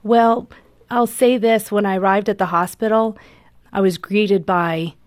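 A woman's voice: mid-range voice, fairly even intonation, unhurried, no echo, studio quality. A mother, a guest on a radio interview, tells her story in an earnest, emotional way. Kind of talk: personal testimony in an interview.

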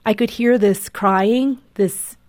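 A woman's voice: mid-range voice, steady tone, slow, darkish tone, no echo, clean studio sound. A mother, a guest on a radio interview, tells her story in an earnest, emotional way. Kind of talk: personal testimony in an interview.

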